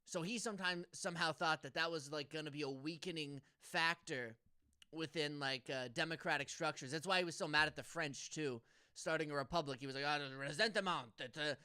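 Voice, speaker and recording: Bright, clear-voiced young man chatting. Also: fairly high pitch, fairly quick, no room sound, studio quality. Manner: playful, puts on silly mock accents. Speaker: podcast co-host. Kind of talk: casual chat.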